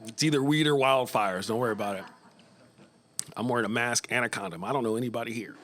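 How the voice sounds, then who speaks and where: A man's voice: medium pitch, lively intonation, quick pace, a bit bright. A man in his fifties from Northern California doing loose, profane live stand-up comedy in a small club, chuckling at his own jokes. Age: 50s.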